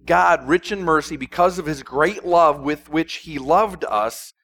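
A male pastor delivering a sermon with a voice pitched a little high. He preaches with animated emphasis, firing rhetorical questions at his listeners. At times he drops to a near hush to drive a point home. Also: measured pace.

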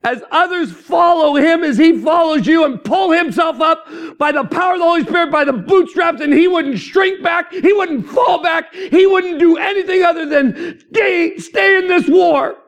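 A woman praying over her husband with pleading urgency, her voice pitched high and pushed close to a shout as a preacher puts her on. She is emphatic and fervent, piling one plea on top of the next. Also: moderate pace, few pauses.

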